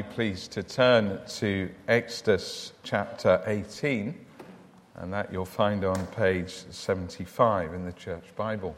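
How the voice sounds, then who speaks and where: Earnest preacher in a reverberant church. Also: male voice, deep voice, fairly even intonation, slow, slight background noise. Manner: earnest storytelling, repeats words when starting. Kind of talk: sermon.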